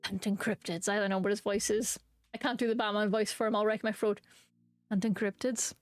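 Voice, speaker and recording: A woman's voice: mid-range voice, flat delivery, quick pace, clear, resonant tone, no echo. A woman streaming a dating game, reading its lines aloud with playful comments and silly voices.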